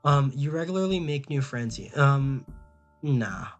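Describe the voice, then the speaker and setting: A man's voice: medium pitch, animated, unhurried, soft background music. A young man streaming casually, reading quiz questions aloud and answering them in a rambling, flustered way, often stammering and repeating himself.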